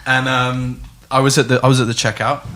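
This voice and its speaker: A man's voice: medium pitch, flat delivery, fairly quick, fairly bright tone. A man hosting a casual podcast, telling a rambling anecdote with frequent laughs. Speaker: podcast host.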